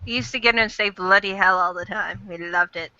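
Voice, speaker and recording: A woman's voice: medium pitch, fairly quick, sharp tone. A woman hosting a casual online fan chat, rambling and chatty with casual swearing, on a dull lo-fi recording.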